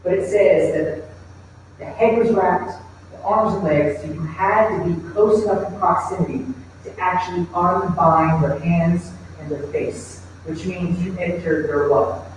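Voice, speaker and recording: Male pastor with a high voice, conversational sermon, distant mic in a reverberant church hall. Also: fairly even intonation, a little slow, a little hiss or hum. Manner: conversational preaching, asks the congregation rhetorical questions. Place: church sanctuary.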